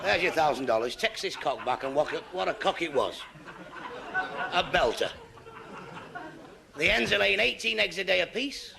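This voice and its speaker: Gravelly Mancunian man telling jokes. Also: a little high, moderate pace, pauses often, crowd noise. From Manchester, England. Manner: deadpan storyteller, chains "he said" through dialogue. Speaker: stand-up comedian. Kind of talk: stand-up joke telling.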